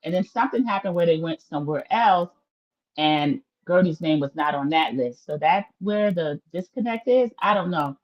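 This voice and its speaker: A woman's voice: fairly low pitch, lively intonation, normal speed, muffled recording. A woman hosting a casual livestream recap of a reality show, chatty and opinionated, talking straight to her viewers.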